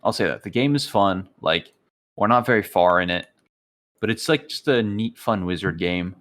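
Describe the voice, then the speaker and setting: A man co-hosting a casual podcast chat, telling relaxed stories and acting out game dialogue. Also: low voice, normal speed. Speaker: podcast co-host.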